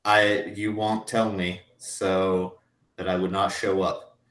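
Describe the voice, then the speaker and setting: A man's voice: low-pitched, little pitch movement, slow pace. A man playing a boastful drunk old brawler. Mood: flattering. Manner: boastful, belligerent, loud. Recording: roomy echo.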